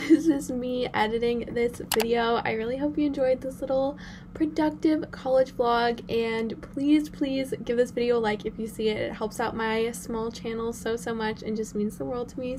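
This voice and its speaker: A woman's voice: high voice, fairly even intonation, normal speed, mellow, a little hiss or hum. Bubbly young woman vlogging from her dorm. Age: young adult. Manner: bubbly, chatty, gushing. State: out of breath. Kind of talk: casual vlog chat. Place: college dorm room.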